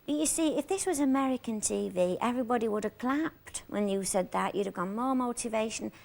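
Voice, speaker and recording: A woman's voice: fairly high pitch, a little fast, vocal fry, darkish tone. A woman playing an elderly Northern chat-show host with a Northwest England accent, delivering innocent-sounding put-downs to her guests. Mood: teasing. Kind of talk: comic chat-show interview. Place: TV studio with live audience. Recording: noisy old tape with studio audience laughter.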